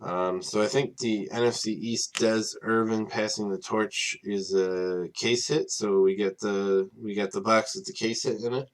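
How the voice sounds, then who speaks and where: A man with a fairly low voice runs a live card break, listing players and teams in a steady, plain run. He sounds worn out and casual, yawning now and then after a long day. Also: a little slow, hardly any pauses. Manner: tired, casual, apologizes for yawning; reads off names in a steady list.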